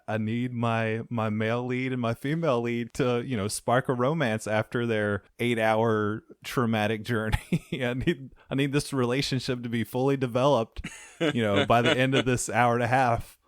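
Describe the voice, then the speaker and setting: A man's voice: medium pitch, fairly even intonation, moderate pace, dry recording, studio quality. A man co-hosting a movie podcast, chatting loosely and jokingly, often stammering and repeating words. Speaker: podcast co-host. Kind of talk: casual movie review chat.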